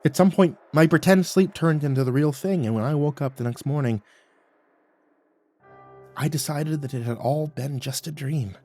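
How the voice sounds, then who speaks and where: A man narrating a first-person horror story in a measured, hushed manner, often dropping quiet. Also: on the high side, soft background music.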